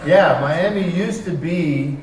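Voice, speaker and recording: A man's voice: on the high side, takes it slowly, background noise. Wry man telling stories in an echoey hall. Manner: wry, animated anecdotes with acted-out dialogue. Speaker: convention panel guest. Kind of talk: storytelling to a live audience. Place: large convention arena stage. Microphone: heard from far off by a camera in the hall. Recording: echoey hall recorded from far off.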